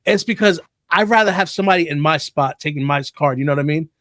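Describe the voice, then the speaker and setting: A man's voice: a little high, quick pace, fairly bright tone, no room sound, studio quality. A man hosting a casual podcast, who rambles and repeats words as he starts his thoughts. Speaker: podcast host.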